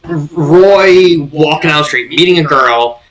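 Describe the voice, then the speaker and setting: A man's voice: on the high side, takes it slowly, crowd noise, rough recording. A man casually reviewing a fanfiction story, rambling and giggling as he goes, with bursts of put-on voices.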